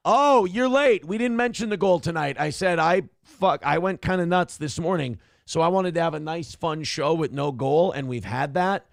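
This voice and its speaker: A man's voice: a little high, moderate pace, gravelly, hardly any pauses, dry recording, studio quality. A man hosting a livestream who rambles, swears freely and reads viewer messages aloud. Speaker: livestream show host. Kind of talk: casual livestream chat.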